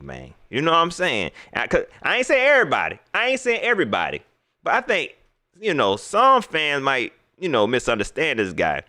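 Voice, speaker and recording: On his casual sports talk livestream, a man speaks straight to viewers using loose slang and plenty of repetition. He sounds bright and forceful, his pitch swinging widely whenever he gets fired up.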